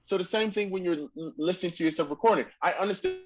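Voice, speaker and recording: A man's voice: high-pitched, fast, muffled recording, over music. A man coaching a student in a masterclass, singing phrases to demonstrate, exacting and encouraging. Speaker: oboe teacher.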